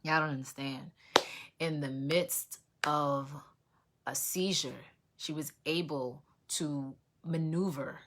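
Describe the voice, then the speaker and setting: A woman's voice: deep voice, fairly even intonation, takes it slowly, a little hiss or hum. A woman hosting an online prayer stream, sharing a testimony in casual, emotional talk, repeating herself and speaking straight to her viewers. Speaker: host of an online prayer livestream. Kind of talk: casual testimony to a live audience.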